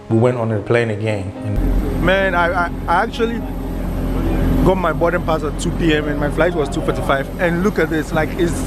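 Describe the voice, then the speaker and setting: A young man from Ghana, a travel vlogger, telling an airport story in a casual, animated way and acting out the dialogue. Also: on the high side. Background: guitar music.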